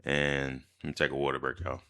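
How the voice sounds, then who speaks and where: A young man from Mississippi, telling a personal story in casual, slangy, animated vlog style. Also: rumbling low, brisk.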